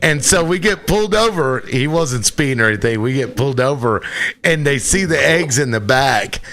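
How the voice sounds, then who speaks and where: A man's voice: mid-range voice, animated, normal speed, a bit bright. A man co-hosting a podcast, chatting casually and telling a story with loose, profane energy. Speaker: podcast co-host. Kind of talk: casual chat.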